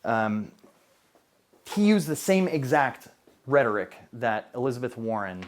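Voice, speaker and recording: A man's voice: mid-range voice, very animated, a little slow. A man leading a casual training session for a group, talking in bursts with frequent restarts.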